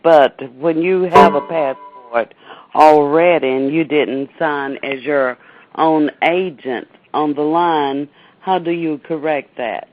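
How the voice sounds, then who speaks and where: A male caller asking a hurried, halting question on a call-in program. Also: on the high side, dry recording. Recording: dull dry phone line.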